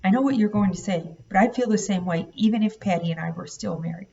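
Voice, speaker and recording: A measured, soft-spoken grandmother from a storybook, as a woman reads her aloud. She reasons calmly but will not back down. The recording is dull and a little distant from the mic. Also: mid-range voice, vocal fry, lightly acted. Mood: firm. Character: older grandmother, gentle but firm. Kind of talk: audiobook read-aloud.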